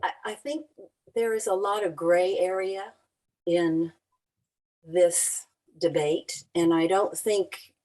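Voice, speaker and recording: Slow-talking woman asking a debate question. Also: fairly low pitch, steady tone, mellow, low-quality recording. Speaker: audience member.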